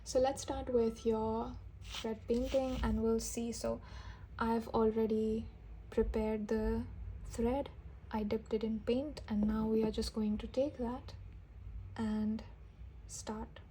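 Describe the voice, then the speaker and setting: A woman with a fairly high voice gives a tarot reading straight to her viewers. She talks gently and warmly excited, often restarting her sentences and breaking into soft exclamations. A faint hiss sits under the recording. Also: takes it slowly. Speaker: tarot reader. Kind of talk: intuitive reading addressed to viewers.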